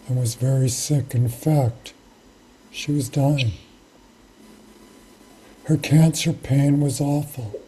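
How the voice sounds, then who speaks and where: Zen teacher telling an old story really slow, mellow low-key voice, calm and measured. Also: slight background noise, low-quality recording. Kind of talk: storytelling sermon.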